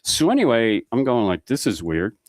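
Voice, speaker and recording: A man's voice: medium pitch, big pitch swings, moderate pace, darkish tone, dry recording. A man guest on a podcast, telling a rambling anecdote and acting out the dialogue as he goes. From Mississippi Gulf Coast. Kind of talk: casual storytelling.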